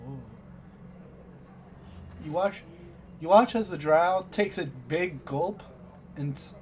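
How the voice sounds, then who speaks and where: A man's voice: fairly high pitch, slow pace, long pauses, a little mellow, slight background noise. A man narrating as game master in a loose, rambling, self-correcting way.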